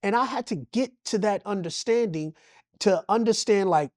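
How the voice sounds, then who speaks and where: In this emotional personal interview, a male guest from Los Angeles talks about his life with fervor, delivering preacher-style bursts and repeating phrases. His voice is high and a little mellow, moving at a moderate pace. There's no echo, and the studio sound is clean.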